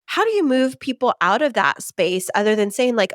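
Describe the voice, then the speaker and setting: Brief: female podcast co-host, mid pitch, thoughtful and chatty, dry close mic. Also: lively intonation, brisk, few pauses, dry recording. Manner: searching, thoughtful, laughs often. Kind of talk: casual podcast conversation.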